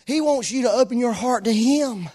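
A man preaching a sermon to a congregation in a room, emotional and passionate, swinging from soft talk to shouting. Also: very high-pitched, moderate pace, breathy edge. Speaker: pastor.

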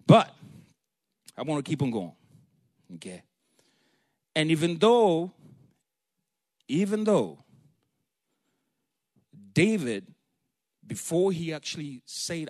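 Lively, chatty man teaching the Bible. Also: on the high side, slow pace, pauses often, dry recording, clean studio sound. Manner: conversational, retells scenes in casual slang voices. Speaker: preacher.

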